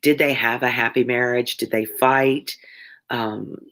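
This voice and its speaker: A woman's voice: a bass voice, fairly even intonation, a little slow, fairly bright tone. A tired woman with a Southern American accent, an ESL teacher chatting casually and rambling with viewers between chapters. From Michigan. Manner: chatty, meandering, drawling when tired. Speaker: ESL teacher and read-along host.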